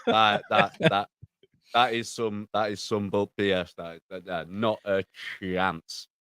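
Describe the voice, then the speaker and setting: A man's voice: on the low side, expressive, creaky, fairly bright tone, clean tone, dry recording. A man co-hosting a podcast, blunt and joking, with plenty of swearing. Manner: blunt, swearing, quick quips. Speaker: podcast co-host. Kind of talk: casual podcast banter.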